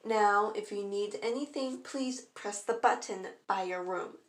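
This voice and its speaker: A woman voicing a brisk young female nurse who scolds loudly. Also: medium pitch, natural voice. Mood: bossy. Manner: bossy, scolding. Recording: echoey room.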